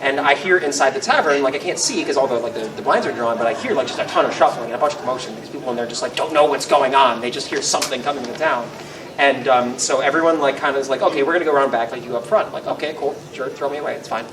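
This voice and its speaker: A man on a convention panel, telling a funny role-play story in a casual, animated way. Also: quick pace, roomy sound, distant mic, noisy background. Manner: animated, laughing, squeaky voice bursts.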